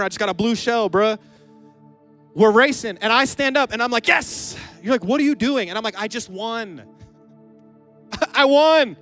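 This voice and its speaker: Playful youth preacher, high and resonant, riffs with the room. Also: male voice, a bit bright. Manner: playful, jokes with the crowd, acts out both sides of a scene. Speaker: youth pastor. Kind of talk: lively youth sermon. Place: church hall with a live audience.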